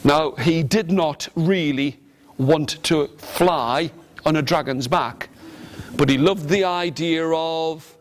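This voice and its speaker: Man, storyteller, high voice, unhurried, animated, repetitive rhythm, coaxing children to join in. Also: a little hiss or hum.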